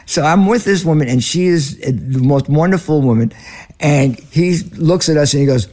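A man in his seventies with a Northern US accent speaks as an interview guest. His voice is warm and mellow. He tells his stories in an earnest, steady way. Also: a little high, moderate pace. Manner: earnest, storytelling. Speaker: ministry leader, guest. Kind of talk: conversational interview.

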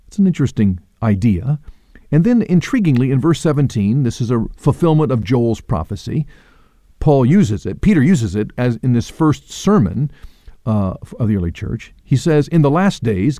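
A man teaches scripture on his radio hour in a mellow, unhurried voice. His pitch moves a great deal as he thinks aloud, with small restarts. The sound is dry and close. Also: no echo. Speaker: radio Bible teacher and host.

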